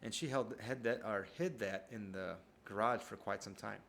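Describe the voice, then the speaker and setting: A man's voice: lowish voice, moderate pace, creaky, a bit bright, slight background noise. A man at home telling a rambling, profane story in a casual monologue. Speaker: vlogger. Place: at home, downstairs.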